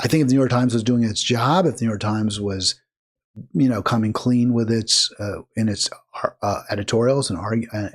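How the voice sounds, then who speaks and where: A man's voice: medium pitch, breathy edge. A man hosting a call-in political talk show, speaking in a rambling way with fillers and restarts. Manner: rambling, fillers and restarts, mimics other voices in quotes. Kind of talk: political talk radio monologue.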